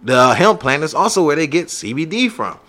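A man telling a story in casual chat, animated and profane, acting out his own reactions in quotes. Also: fairly high pitch, a little fast.

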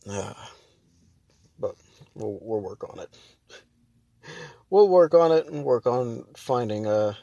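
A man's voice: medium pitch, animated, takes it slowly, vocal fry, long pauses, dark tone, no room sound, muffled recording. A man hosting his own podcast, chatting casually and rambling, breaking off mid-sentence and laughing often. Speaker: podcast host. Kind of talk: casual solo podcast chat.

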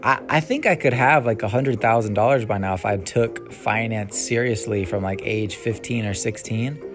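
A young man with a lowish voice talks at normal speed on his solo podcast, music running underneath. It's a rambling, casual monologue full of ums, sighs and unfinished thoughts.

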